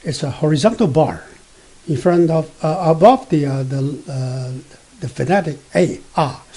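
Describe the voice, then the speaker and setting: A man teaching beginner Mandarin, explaining slowly with many fillers and self-corrections, and spelling out letters and sounding out tones. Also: fairly high pitch, dark tone, husky. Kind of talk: beginner language lesson.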